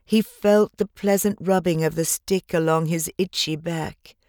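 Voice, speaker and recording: A woman reads a children's storybook aloud, slow and gentle, in a fairly low voice. The recording is dry and close, with no room around her. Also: no room sound. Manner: measured, gentle, expressive. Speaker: audiobook narrator. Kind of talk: scripted storybook narration.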